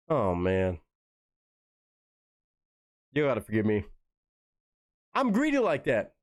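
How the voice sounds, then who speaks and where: A man's voice: medium pitch, wildly swooping pitch, slow, long pauses, dry recording. A man hosting a live stream, giving enthusiastic, profanity-laced commentary on a song and talking to viewers in chat. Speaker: live stream host reacting to music. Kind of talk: casual reaction commentary.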